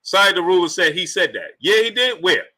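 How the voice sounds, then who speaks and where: A man's voice: high-pitched, big pitch swings, moderate pace, sharp tone. A man hosting a boxing talk live stream, reading out super chats and firing repeated rhetorical questions at the chat. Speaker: boxing talk show host.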